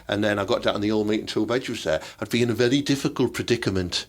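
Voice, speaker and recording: A man's voice: lowish voice, very fast, hardly any pauses. A man with a Teesside accent co-hosting a podcast, trading crude, playful banter. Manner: bawdy, playful, swearing. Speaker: podcast co-host.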